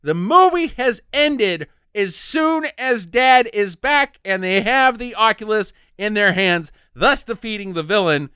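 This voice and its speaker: A man with a high, sharp, smooth voice co-hosts a podcast, ranting, mocking, and swearing a lot while recapping a movie. He's animated but a little slow, barely pausing, and acts out characters in silly voices. The sound is clean studio quality with no room sound.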